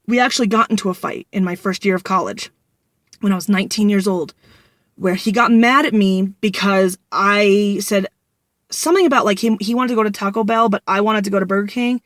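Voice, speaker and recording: A woman's voice: mid-range voice, no room sound, clean studio sound. A woman in her twenties tells a personal story in a candid vlog, rambling and venting with frequent restarts. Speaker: vlogger.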